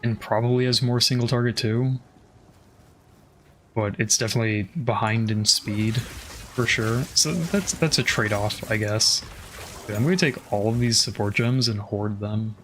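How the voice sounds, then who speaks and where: A man's voice: fairly low pitch, fairly even intonation, unhurried, fairly bright tone, a little hiss or hum. A man casually commenting on his game as he plays, thinking aloud, swearing often and trailing off with fillers. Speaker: streamer.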